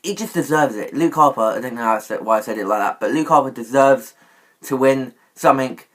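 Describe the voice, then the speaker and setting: A man's voice: medium pitch, fairly quick. A man giving wrestling predictions in a casual vlog, rambling and often correcting himself with many fillers. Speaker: YouTube wrestling commentator.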